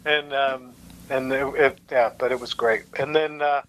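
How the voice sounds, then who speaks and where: A man guest telling lively anecdotes in casual chat, acting out quoted voices and laughing often. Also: mid-range voice, normal speed, a little hiss or hum, poor audio. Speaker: actor guest.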